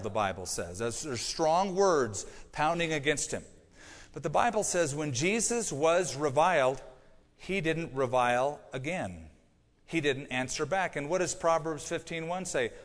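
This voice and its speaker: A middle-aged male pastor delivers a sermon in an earnest storytelling manner, dropping to quiet, confiding lines before pressing points home with emphasis. His voice sits at an ordinary male pitch. The sound carries the long reverb of a church sanctuary.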